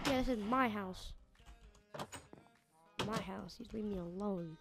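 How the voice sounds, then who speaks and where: A woman's voice: mid-range voice, slow, vocal fry, music in the background. Chatty woman narrating her gameplay. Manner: chatty, shouting at in-game animals and villagers. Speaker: gamer. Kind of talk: casual gameplay commentary.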